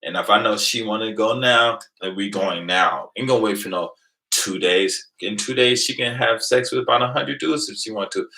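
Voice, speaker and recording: A middle-aged man from Venice, California, telling a profane, boastful story on a livestream, swinging between low mutters and loud outbursts. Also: normal speed, vocal fry, low-quality recording. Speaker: livestream host. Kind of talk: casual storytelling.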